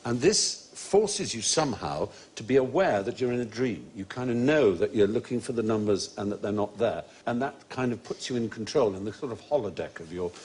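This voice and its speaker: Chatty male quiz host, lively pitch. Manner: chatty, explanatory, quick to laugh. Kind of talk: panel show chat.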